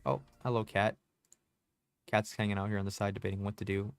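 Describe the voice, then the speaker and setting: A man's voice: lowish voice, steady tone, fairly quick, vocal fry, soft background music. A man streaming a game, chatting in a laid-back, slangy way as he plays. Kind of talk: casual gameplay commentary.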